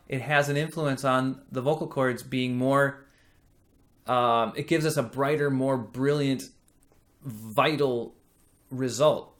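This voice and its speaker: With a medium pitch and a fairly bright tone, a man gives a singing lesson, patiently describing vocal technique and singing vowels to demonstrate. He talks slowly and thoughtfully.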